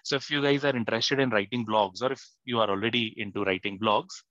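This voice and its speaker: A man's voice: lowish voice, fast, sharp tone, no echo, dull audio. A man teaching an online writing class, hesitant and full of fillers and restarts, often putting questions to his students. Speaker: content writing instructor. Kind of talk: live online class lecture. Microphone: online class mic.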